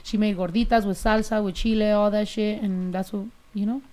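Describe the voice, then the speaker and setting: A woman hosting a podcast, chatting casually, loud and full of swearing, slipping into Spanish. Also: mid-range voice, steady tone, a little fast. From Mexico. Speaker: podcast host. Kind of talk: casual chat.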